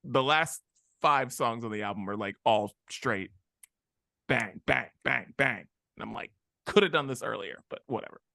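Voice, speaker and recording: A man co-hosting a podcast in casual chat, animated and acting out quoted reactions. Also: medium pitch, moderate pace, creaky, no room sound, studio quality. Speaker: podcast co-host.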